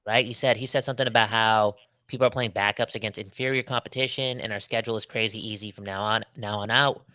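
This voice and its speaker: A man co-hosting a sports podcast, talking in a casual, animated, slangy way about his team. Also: on the low side, fast talker, dry recording. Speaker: podcast co-host.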